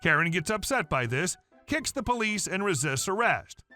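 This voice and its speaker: Man, scripted story narration, high voice, lively pitch, faint music underneath. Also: normal speed.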